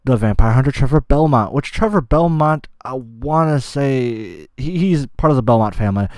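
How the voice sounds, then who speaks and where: A man's voice: mid-range voice, animated, normal speed, a little mellow, no echo. Guy rambling on his gaming podcast, swears a ton, loses his place, dry close mic. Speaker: podcast host. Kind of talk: casual solo gaming podcast.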